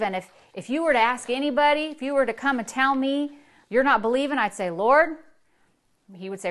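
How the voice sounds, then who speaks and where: A woman pastor delivering a sermon, telling a story in a voice that drops low and then rises with emphasis. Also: fairly quick. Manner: storytelling preacher, swings from hushed to emphatic.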